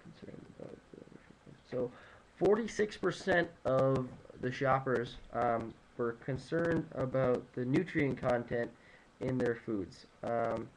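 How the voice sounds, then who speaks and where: A man's voice: mid-range voice, lively intonation, takes it slowly, slight background noise, poor audio. A man giving an informal talk on food trends, rambling through figures with many fillers, restarts and joking asides. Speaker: nutrition presenter. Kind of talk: casual informal lecture. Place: home room at sunrise.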